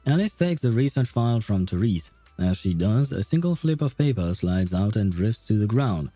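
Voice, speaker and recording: A man's voice: fairly low pitch, sing-song, normal speed, mellow, no room sound, faint music behind. A man streaming a game, reading its dialogue aloud and chatting with a laugh and many restarts, with a lozenge in his mouth.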